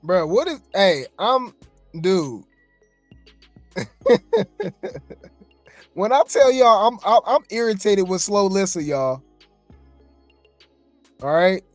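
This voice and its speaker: A gossip commentary host reacts to a clip, sounding fed up and sarcastic. The pitch swoops up and down a lot. The recording is dry, with faint music underneath. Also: dry recording. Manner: exasperated, sarcastic.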